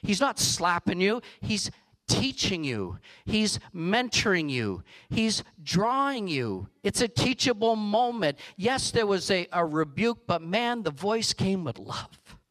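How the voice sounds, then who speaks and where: Slow, high-voiced male preacher. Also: big pitch swings, poor audio. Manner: slow, earnest, drops to a soft hush for emphasis. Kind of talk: sermon.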